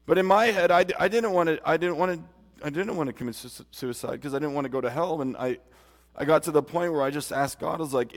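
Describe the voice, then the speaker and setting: A man's voice: on the high side, fast talker. A man preaching a sermon and giving his testimony, earnest and emphatic, speaking straight to his listeners. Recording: long hall reverb.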